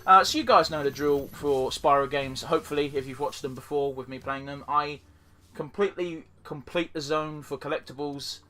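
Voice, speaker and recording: A man's voice: on the high side, normal speed, hardly any pauses, sharp tone, a little hiss or hum. A man hosting a let's play, giving rambling, profane, self-deprecating commentary while he plays. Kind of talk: casual gameplay commentary.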